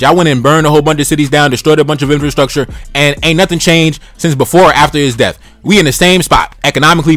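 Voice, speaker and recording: Man, 20s, reaction commentator, blunt, slangy, repetitive emphasis, dry sound, soft music underneath. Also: a little high, no room sound. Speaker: YouTube commentator.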